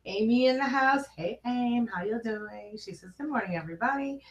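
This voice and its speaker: A woman hosting a live coaching stream, chatting with viewers and reading their comments aloud in a warm, familiar way. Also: on the high side, moderate pace, muffled recording. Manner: warm, chatty, calls viewers girl and honey. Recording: echoey room.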